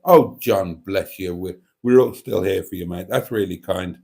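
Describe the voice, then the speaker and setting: A man's voice: sits low, moderate pace, creaky, a little mellow. A man hosts a casual livestream, chatting and rambling with many ums and restarts as he reads out viewer comments. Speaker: YouTube channel host.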